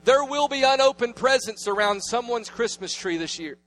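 A man in his thirties preaching a sermon, telling family stories and swinging between loud declarations and hushed asides. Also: extremely high pitch, animated, moderate pace. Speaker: pastor.

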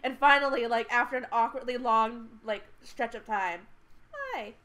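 A woman's voice: on the high side, normal speed, a bit bright. A young woman co-hosting a podcast, chatting casually in a giggly, self-deprecating way. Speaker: podcast co-host. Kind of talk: casual chat.

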